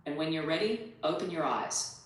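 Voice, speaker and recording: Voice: mid-range voice, lively intonation, moderate pace. An AI voice assistant with an Australian accent, chatting in upbeat, slang-filled talk and leading a guided meditation. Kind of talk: casual chat and guided meditation. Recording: roomy playback heard from a distance.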